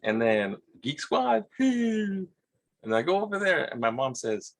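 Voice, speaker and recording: A man with a Hawaiian accent telling a rambling personal story, halting, repeating words and acting out quotes in a husky voice. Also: a little high, sing-song. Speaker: vlogger.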